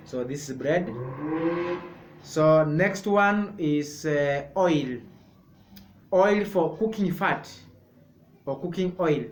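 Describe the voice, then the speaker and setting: A man teaching a sign language lesson, explaining each sign slowly and repeating words step by step. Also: fairly high pitch. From Kenya. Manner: slow, repetitive, explaining step by step. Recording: echoey room.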